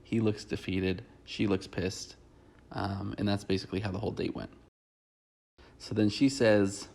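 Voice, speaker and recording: A man hosting a comedic reality-show recap, mocking everything he describes with dry sarcasm. His voice sits fairly low and carries a gravelly fry. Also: flat delivery, moderate pace, a little mellow.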